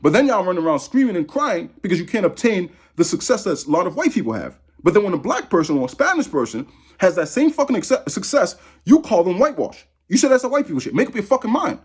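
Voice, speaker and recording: A man's voice: high-pitched, very animated, fast, slightly rough. A man in his thirties from Massachusetts, ranting angrily to camera, profane and repetitive. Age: 30s. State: angry. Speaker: vlogger. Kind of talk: angry rant to camera.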